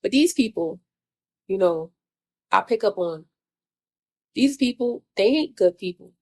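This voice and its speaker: Woman, gravelly voice, casual vlog venting, blunt and profane, mid-pitched. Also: animated, measured pace, a little mellow. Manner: blunt, profane, repetitive rhetorical questions. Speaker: vlogger. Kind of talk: casual spiritual venting monologue.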